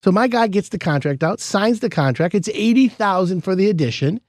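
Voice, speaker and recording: Host, male, high and very lively delivery, dry close sound, storytelling chat. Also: fairly quick, dry recording. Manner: animated, acts out quoted dialogue. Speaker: podcast host, home contractor.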